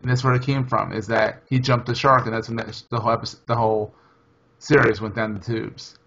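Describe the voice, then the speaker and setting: Gravelly-voiced chatty podcast host man. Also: mid-range voice, flat delivery, brisk, fairly bright tone, dull audio, a little hiss or hum. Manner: rambling, chatty, self-correcting. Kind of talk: casual chat.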